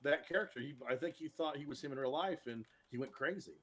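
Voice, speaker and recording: A man co-hosting a podcast in casual chat, opinionated and quick to react. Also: on the high side, fairly bright tone. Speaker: podcast co-host.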